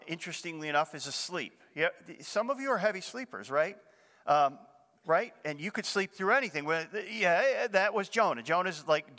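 An older man preaches to his congregation in a relaxed, chatty way, often asking them questions. His voice sits a little high and rings brightly. A long reverb from the church sanctuary hangs after his words. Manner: conversational, asks the congregation questions. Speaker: pastor. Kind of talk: sermon.

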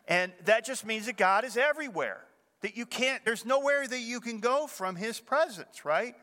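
A man's voice: extremely high pitch, expressive, moderate pace, sharp tone. An older man preaching a sermon as a pastor, talking conversationally and asking the congregation questions. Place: church. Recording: reverberant church sanctuary.

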